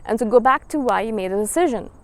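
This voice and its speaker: A woman's voice: on the high side, lively intonation, quick pace. Earnest woman in her thirties giving a pep talk. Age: 30s. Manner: earnest, repetitive, encouraging, acts out quoted voices. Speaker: spiritual vlogger. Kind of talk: casual motivational monologue.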